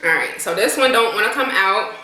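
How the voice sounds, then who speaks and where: Bright-voiced woman in a mukbang vlog. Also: medium pitch, animated, reverberant. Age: late 20s. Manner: chatty, savoring food with drawn-out hums; eating while talking. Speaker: mukbang vlogger. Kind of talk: casual eating vlog. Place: home, with a plane passing overhead.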